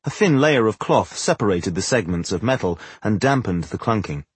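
A man reading fantasy narration for an audiobook in a measured, dramatic way. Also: on the low side, lively intonation, slightly rough, dry recording.

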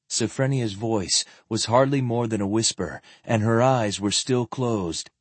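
A man narrating a fantasy novel as an audiobook, with expressive, varied delivery close to the microphone. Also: mid-range voice, unhurried, hardly any pauses, slightly rough, no echo.

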